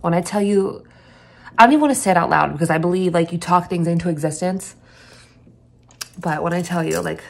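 A woman's voice: fairly low pitch, vocal fry, husky. A woman talking casually to camera in a day-in-my-life vlog, chatty and blunt, swearing freely. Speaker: vlogger.

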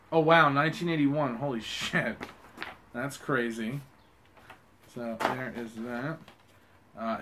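A young adult man giving casual unboxing commentary, rambling with lots of fillers and excited swearing. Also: mid-range voice, background noise. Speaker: vlogger unboxing a fan package.

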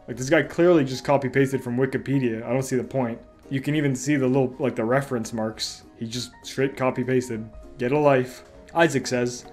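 Young man, sarcastic, comedic review reader, mid-pitched voice, faint background music. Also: steady tone, a little fast, few pauses, darkish tone.

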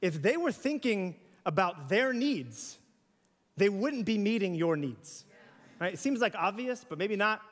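A man preaches in a church, chatty and animated, tossing in playful asides. His voice sits high for a man. The sound rings with the long reverb of a large hall. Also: measured pace. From US South. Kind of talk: sermon. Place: church sanctuary.

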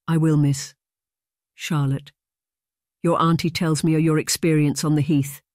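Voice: medium pitch, little pitch movement, a little slow, no room sound, clean studio sound, lightly acted. An audiobook narrator voicing a shy young Scottish maid girl with a broad Scottish brogue. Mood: earnest. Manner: broad brogue, soft and plain.

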